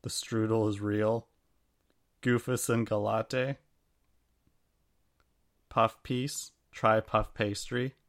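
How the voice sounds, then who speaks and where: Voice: mid-range voice, flat delivery, slow pace, long pauses. A podcast co-host reading a pun list in a dry, teasing manner. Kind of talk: casual podcast banter, reading pun lists.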